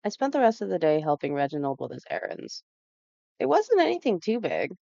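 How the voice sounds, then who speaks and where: A woman narrating a story game aloud in an even, storytelling delivery. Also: lowish voice, a little fast, vocal fry, no echo, lo-fi sound. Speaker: let's play narrator.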